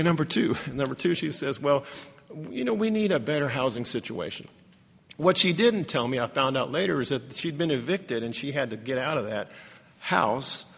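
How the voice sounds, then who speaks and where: Gravelly man telling a story in a reverberant hall. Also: mid-range voice, fairly bright tone. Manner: emotional, halting storytelling with repeated restarts. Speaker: ministry leader telling a story. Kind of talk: sermon storytelling. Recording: echoey hall with long reverb.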